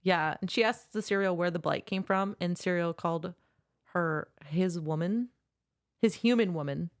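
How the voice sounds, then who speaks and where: A young woman co-hosting a casual book podcast, relaxed and friendly as she recaps the plot. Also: on the low side, moderate pace, no echo, studio quality. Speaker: podcast co-host.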